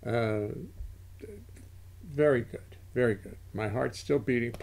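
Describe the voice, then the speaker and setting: A man's voice: mid-range voice, slow pace, vocal fry, darkish tone, a little hiss or hum. An older man hosting a livestream in casual chat, rambling and interrupting himself as he goes. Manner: rambling, self-interrupting, chatty. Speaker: livestream host.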